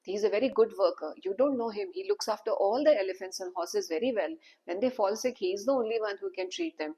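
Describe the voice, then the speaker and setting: A woman voicing a queen mother who soothes and hurries to cover things up, in a husky voice. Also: mid-range voice, brisk, warm tone, close to an everyday voice, rough recording. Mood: hurried.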